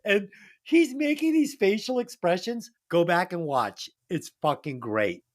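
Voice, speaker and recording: A man's voice: high voice, lively intonation, unhurried. A man co-hosting a movie podcast, talking casually and enthusiastically and swearing freely. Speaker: podcast co-host. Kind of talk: casual movie review chat.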